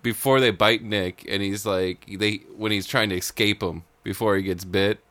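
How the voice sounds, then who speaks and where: A man's voice: lowish voice, steady tone, moderate pace, fairly bright tone, no room sound. A young man casually chatting about a movie, chiming in and laughing along. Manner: laid-back, chimes in and laughs along. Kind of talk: casual chat reviewing a movie.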